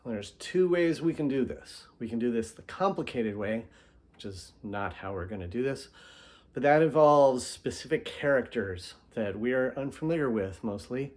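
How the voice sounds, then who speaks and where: A man patiently explaining a method in an instructional lesson, slowing down to sound out example words. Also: mid-range voice, lively intonation, a little mellow. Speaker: teacher.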